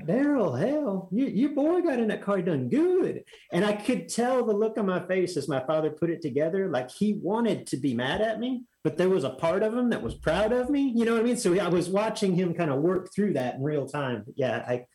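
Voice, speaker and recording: A man's voice: on the high side, animated, fairly quick, darkish tone, rough recording. A man from Texas, telling a rambling story as a guest in a casual chat, full of fillers and restarts.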